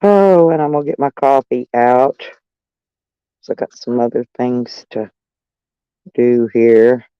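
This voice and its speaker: A woman's voice: very deep voice, fairly even intonation, slow, long pauses, clear, resonant tone, no room sound. Older woman, profane livestream host, lo-fi close sound. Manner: brash, profane, laughing taunts. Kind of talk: casual livestream rant.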